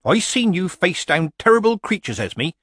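A man's voice: sits high, sing-song, normal speed, fairly bright tone, no room sound, clean studio sound, pitched above the performer's own voice, exaggerated voice. A man voicing a chatty, shrewd older woman witch with a homely, blunt way of talking. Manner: homely, blunt, weakly apologetic.

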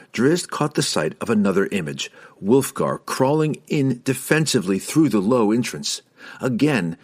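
Lower-voiced man narrating fantasy. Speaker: audiobook narrator.

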